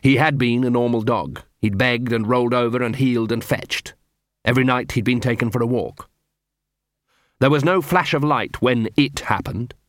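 Steady and measured, a man narrates an audiobook from a script. He has a mid-range voice, captured at studio quality with no room sound.

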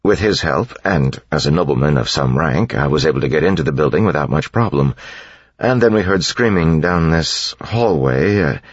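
A man's voice: rumbling low, lively intonation, moderate pace, husky, no room sound, heavily acted. A man voicing an awkward, bookish young nobleman who hesitates and fumbles with polite wryness, in a dull lo-fi audiobook recording. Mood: flustered.

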